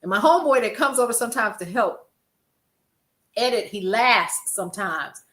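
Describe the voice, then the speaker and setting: A woman's voice: on the high side, animated, normal speed, a bit bright, reverberant. An older woman, a grandmother, hosting a casual news commentary stream, chatty and laughing often as she talks to her viewers. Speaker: host.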